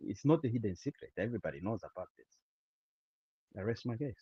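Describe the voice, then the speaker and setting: A Zambian man holds forth on a panel discussion, his husky voice coming through a dull, lo-fi call line. He stops and restarts often, padding his points with fillers. The sound is dry and close. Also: fairly low pitch, lively intonation, warm tone, no echo. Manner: halting, many fillers and restarts. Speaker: podcast panelist. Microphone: remote call.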